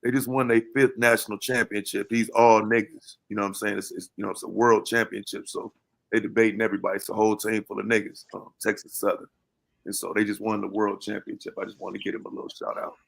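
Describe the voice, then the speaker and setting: A man with a low, gravelly voice talks in a relaxed, hesitant way, pausing on fillers as he goes. He chats casually as one of the voices on a podcast panel. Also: rough recording. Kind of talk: casual chat.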